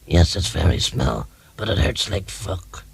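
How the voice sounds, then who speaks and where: A man voicing a croaky-voiced audience member in a comedy sketch. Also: low-pitched, big pitch swings, unhurried, no room sound, full character voice. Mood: earnest. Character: croaking man caller with an embarrassing problem.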